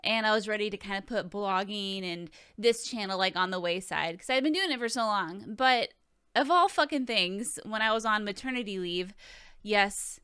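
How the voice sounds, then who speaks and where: Bright, crisp-voiced woman cursing casually. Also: medium pitch, normal speed, no echo, studio quality. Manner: profane, joking, chatty. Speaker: video host answering viewer questions. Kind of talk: casual Q&A vlog.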